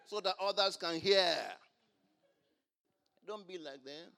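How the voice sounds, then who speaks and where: A male pastor delivers a sermon in a high, very bright voice. He moves between quiet teaching and loud exclamations, pausing for the congregation to finish his lines. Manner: call-and-response preaching, rising to loud exclamations.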